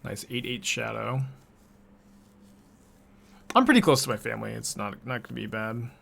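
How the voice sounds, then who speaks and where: A man streaming a card game, talking casually at a middle pitch. He reasons through each play aloud in a loose, chatty way. Every so often he turns to answer questions from his viewers. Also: normal speed, creaky, a bit bright, slight background noise. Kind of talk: casual live-stream gameplay commentary.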